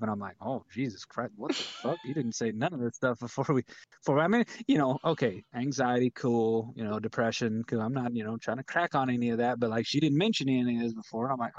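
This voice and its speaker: A man telling a comedic story in a casual, rambling way, often sinking into a low mutter. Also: lively intonation, quick pace, no echo, muffled recording. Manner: laid-back, rambling, drops to a low mutter for his own thoughts.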